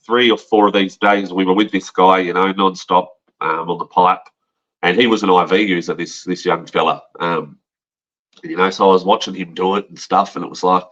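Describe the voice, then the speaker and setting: Very deep-voiced Australian man, rambling. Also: fairly even intonation, moderate pace, a bit bright, dull audio. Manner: rambling, frank, swears, says mate often. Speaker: podcast guest telling his story. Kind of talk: casual storytelling.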